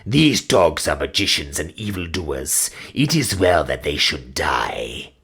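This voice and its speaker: A man voicing a cruel, stern king who speaks in slow, commanding words in an audiobook. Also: rumbling low, very animated, a bit bright, breathy edge, pitched below the performer's own voice, exaggerated voice.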